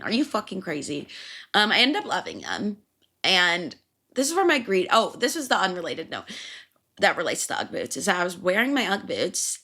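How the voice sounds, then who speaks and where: Young woman podcaster, lively pitch, bright voice, chatty and swears a lot, laughs at herself. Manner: rambling, profane, self-amused, laughs often. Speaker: podcast host. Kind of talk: casual solo podcast chat.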